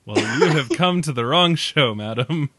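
A man's voice: a little high, animated, moderate pace, a bit bright, breathy edge, dry recording. A tired man co-hosting a casual movie podcast, rambling and joking, laughing often. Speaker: podcast co-host.

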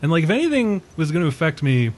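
A man co-hosting a casual film discussion in a steady, drily opinionated way. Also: fairly high pitch, quick pace. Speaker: podcast co-host.

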